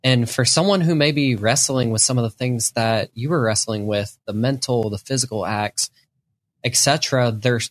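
A man's voice: medium pitch, moderate pace. A man hosting a faith interview, reflecting back on his guest's story with empathy. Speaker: interview host.

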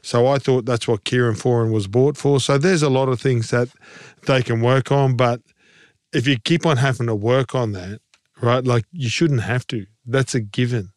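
In a clean-sounding podcast studio with no echo, a rugby league co-host who once played the game talks casually, his opinions blunt and passionate. He has a slightly mellow mid-range voice, moderate pace, and fairly even intonation.

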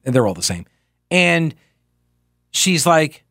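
A man's voice: on the high side, very animated, slow, long pauses, a bit bright, dry recording, clean studio sound. A man hosting a talk radio show. He reads out listener emails and answers them in a sarcastic, mocking way.

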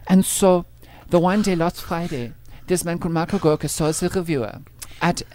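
A man voicing an excitable German man in his late twenties with a German accent, gossiping in scandalized, broken phrasing over a music bed. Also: fairly high pitch, moderate pace, a little hiss or hum, natural voice. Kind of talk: comic character bit on breakfast radio.

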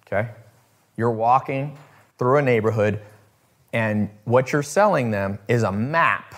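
A man hosting a casual talk to his viewers, rambling with restarts and swearing, acting out the people he quotes. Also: medium pitch. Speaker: host.

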